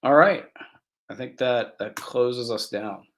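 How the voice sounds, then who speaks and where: A man's voice: mid-range voice, slow, fairly bright tone. A man co-hosting a casual talk show, hesitant and jokey, often restarting his sentences. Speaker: podcast co-host. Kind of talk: casual chat.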